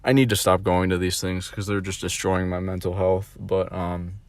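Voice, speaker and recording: A man's voice: sits low, level tone, moderate pace, dry recording. A young man rambling through a casual storytime vlog, full of fillers and swearing. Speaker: vlogger.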